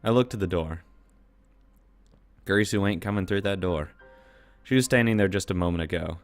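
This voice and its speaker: A man's voice: low voice, moderate pace, soft background music. A man reading a visual novel's narration aloud, breaking off now and then to swear and react to the story.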